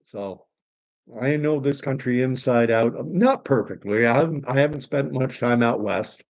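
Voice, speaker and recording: A man's voice: medium pitch, a little slow, darkish tone. A man with a mid-range voice hosts a casual livestream and reads viewer comments aloud. He rambles with eager enthusiasm and often restarts his sentences. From Canada. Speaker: online commentary host.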